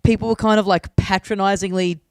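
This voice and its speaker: A man co-hosting a comedy podcast from a remote call, giving measured opinions with many hesitations. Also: high voice, fairly even intonation, clean tone, no echo. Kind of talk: casual chat.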